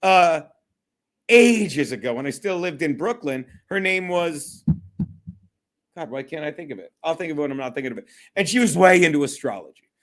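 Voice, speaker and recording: Male streamer, high-pitched, loose and profane, rambles and laughs through his chat. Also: expressive, moderate pace. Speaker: livestream host. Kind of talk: casual solo livestream chat.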